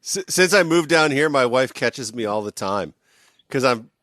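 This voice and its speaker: Bright-voiced Canadian man, joking podcast host. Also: mid-range voice, animated, normal speed, no echo, studio quality. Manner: joking, teasing. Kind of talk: casual chat.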